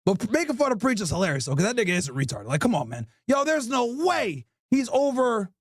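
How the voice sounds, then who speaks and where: A man with a strikingly high voice, his pitch leaping around as he mocks and roasts with nonstop swearing. He speaks loud and animated, close to a dry mic with no room echo. It comes across as an unfiltered podcast host on a tear. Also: fast. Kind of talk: profane comedic roast.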